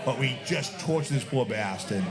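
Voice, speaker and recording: A man, a guest on a live bar podcast, telling crude stories and shouting mocking impressions. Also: medium pitch, lively intonation, normal speed, over music. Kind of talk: casual storytelling among friends.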